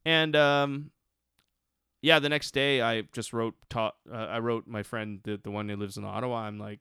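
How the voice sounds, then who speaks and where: A man tells a rambling, profanity-laced story full of restarts in casual conversation. His mid-range voice is smooth, clear, pushed and bright, with fairly even intonation at a moderate pace. The recording is dry and close, with no echo or room sound.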